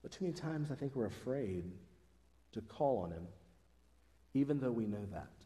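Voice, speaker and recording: A man's voice: mid-range voice, expressive, moderate pace, warm tone. Earnest male pastor in a reverberant church. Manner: earnest, conversational preaching with rising emphasis. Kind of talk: sermon. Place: church sanctuary.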